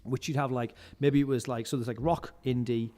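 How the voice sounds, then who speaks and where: A man's voice: medium pitch, fairly even intonation, brisk, dark tone. Rambling man with long reverb. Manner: rambling storyteller, heavy use of "like". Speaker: podcast guest, live music stage manager. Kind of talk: casual anecdotal chat. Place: indoors, podcast recording. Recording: reverberant room with long echo.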